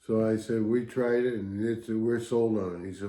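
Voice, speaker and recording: A man's voice: on the low side, fairly even intonation, moderate pace, warm tone, a little hiss or hum. A man recounting old firehouse stories in an easygoing, dry manner. His voice sits in a roomy space with a noticeable echo. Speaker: retired firefighter co-host. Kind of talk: casual storytelling chat.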